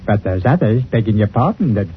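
An actor playing a chatty, deferential village greengrocer in a 1940s radio play, on an old recording. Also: male voice, lowish voice, expressive, brisk, narrow, tinny audio, a little hiss or hum, close to an everyday voice. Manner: folksy, deferential, with dropped grammar. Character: chatty village greengrocer and church bell-ringer, deferential man.

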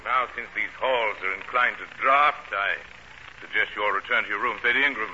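An actor playing a brooding, commanding master of the house in a vintage radio drama, with a forceful, intense manner. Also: male voice, lowish voice, brisk. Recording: dull old radio recording, faint hiss.

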